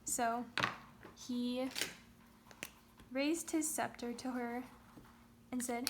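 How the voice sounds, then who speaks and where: A woman teaching Sunday school with a high voice. She tells the story in a casual, chatty way and drops in playful asides as she goes. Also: slow, pauses often, background noise.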